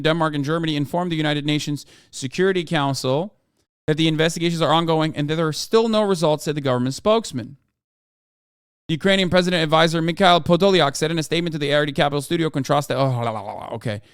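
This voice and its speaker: A man with a fairly high, smooth, resonant voice rants through the news on a livestream, reading articles fast and then cutting in with sarcastic, profane asides. The sound is close and dry, with no room around it. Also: no echo. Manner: sarcastic, profane, heated ranting; reads articles aloud quickly, then breaks off to comment. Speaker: streamer reacting to news.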